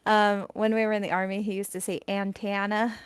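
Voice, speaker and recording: A woman's voice: medium pitch, little pitch movement, quick pace, clear, resonant tone, no echo. A woman from Northern California with a California accent, chatting casually as a co-host and laughing easily. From Northern/Central California. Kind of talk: casual chat.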